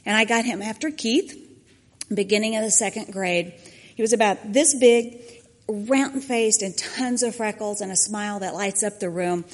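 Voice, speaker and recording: A woman's voice: mid-range voice, steady tone, normal speed. A woman, a church mentor giving a personal testimony, acting out the quotes in her story. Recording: long hall reverb.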